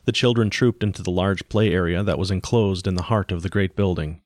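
A man narrating a science fiction story in a steady, even audiobook style. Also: deep voice, fairly quick, dry recording, clean studio sound.

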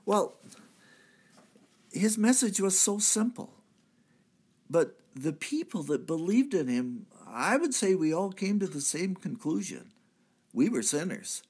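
Man acting as a repentant crucified thief, church drama monologue, husky voice, slightly high pitch, earnest. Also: a little mellow, full character voice. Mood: moved. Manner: earnest storytelling, swelling to cries at key moments. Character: repentant male thief, crucified, now redeemed.

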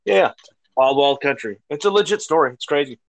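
A man's voice: fairly high pitch, brisk, vocal fry, heavy background noise. A man in his thirties co-hosting a casual podcast chat, swearing freely and acting out quotes as he retells things. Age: 30s. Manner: profane, animated retelling with acted-out quotes. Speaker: podcast co-host.

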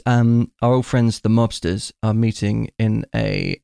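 A man's voice: lowish voice, fairly even intonation, a little slow, gravelly, warm tone, smooth, dry recording, clean studio sound. A man hosting a casual film chat, enthusiastically retelling scenes at length.

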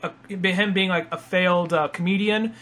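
A man hosting a casual podcast chat, rambling and acting out other people's lines in quick impressions. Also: high-pitched, steady tone, fairly bright tone. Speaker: podcast host.

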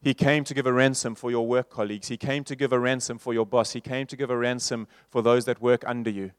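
A man preaching a sermon in a church, moving from loud repeated refrains to soft, slow passages. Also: mid-range voice, flat delivery, smooth, no room sound, studio quality. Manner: rhetorical, building to loud repeated refrains then dropping soft.

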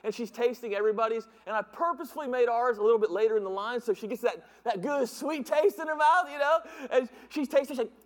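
High-voiced pastor in a reverberant hall. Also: male voice, fast, few pauses. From northern United States. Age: middle-aged. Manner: animated, joking, mimics voices in his stories. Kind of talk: humorous sermon with storytelling. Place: church sanctuary.

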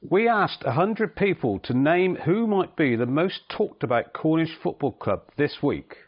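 A man's voice: on the high side, lively intonation, unhurried, dull audio, slight background noise. A man hosting a podcast in casual chat, self-deprecating and stumbling over his words. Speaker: podcast host.

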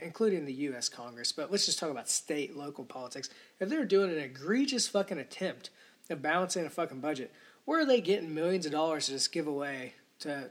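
A man with a fairly high, somewhat bright voice hosts a podcast, launching into a rambling solo rant. It's indignant and full of swearing.

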